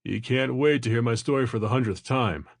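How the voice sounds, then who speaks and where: A man's voice: mid-range voice, fairly quick, no echo, studio quality, lightly acted. A male narrator voicing an older therapist who stays unperturbed and good-humored. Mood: calm. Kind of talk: audiobook character voice.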